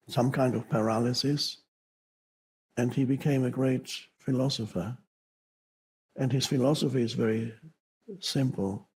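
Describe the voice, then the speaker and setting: A man giving a spiritual teaching talk, speaking slowly with pauses and halting restarts. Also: mid-range voice, vocal fry, a little mellow, slight background noise, poor audio.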